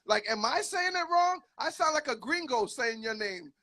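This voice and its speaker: A man's voice: very high-pitched, lively intonation, normal speed, sharp tone. A man hosting a radio show, chatting casually with a guest in hyped, slangy talk and laughing often. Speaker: radio DJ host. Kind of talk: casual radio interview chat.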